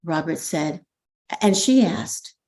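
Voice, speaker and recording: An older woman with a slightly low voice tells a story to her listeners. She is a spiritual teacher who talks in an animated way and often pauses on "um" or starts a sentence over. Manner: animated storyteller, frequent ums and restarts. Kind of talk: storytelling talk.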